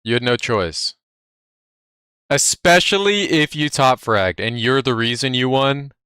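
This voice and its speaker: Man, livestream chat, brash and profane, crisp tone, dry close sound. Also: medium pitch, animated, a little slow, bright, forceful tone, no echo. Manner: brash, profane, cocky storytelling. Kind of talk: casual stream chat.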